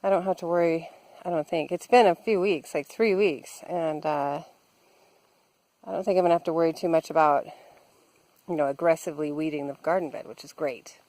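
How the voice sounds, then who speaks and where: A woman's voice: sits low, a little fast, darkish tone, low-quality recording. A woman chatting casually as she vlogs her garden work, thinking aloud with fillers, recorded outdoors. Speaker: vlogger. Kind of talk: casual garden vlog narration.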